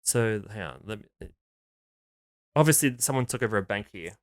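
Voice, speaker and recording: A man's voice: on the low side, animated, dry recording. Laid-back man, dry sound. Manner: laid-back, swears casually, reads articles aloud haltingly. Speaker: podcast co-host. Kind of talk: casual chat.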